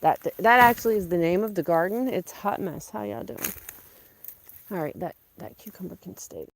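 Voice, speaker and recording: A woman with a drawl chats away in a casual, joking way as she works in an outdoor garden. Her voice sits at a middle pitch, and she keeps up a running commentary to herself and the camera. A faint outdoor noise sits behind her. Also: moderate pace, vocal fry. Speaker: gardening vlogger. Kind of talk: casual chatty narration while working.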